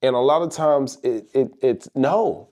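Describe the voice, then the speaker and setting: A man's voice: medium pitch, a little slow, darkish tone. A middle-aged man giving a motivational monologue, emphatic and rhetorical, repeating phrases for effect. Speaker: motivational speaker.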